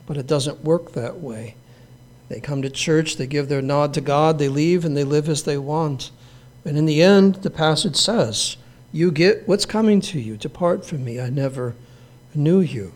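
A man's voice: fairly high pitch, a little mellow. Earnest man preaching a sermon. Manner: earnest, measured preaching with emphatic repetition. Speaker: pastor.

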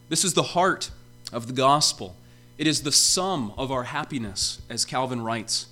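A man preaching a sermon, who lifts his voice for emphasis on repeated calls and then drops it low and slow. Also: a bit bright.

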